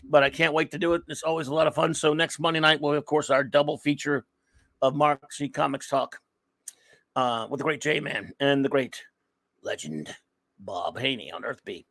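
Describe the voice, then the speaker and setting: A man hosting a live comics talk show, chatting casually and rambling through friendly shout-outs to viewers in the chat. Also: on the high side, normal speed, no room sound. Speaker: podcast host.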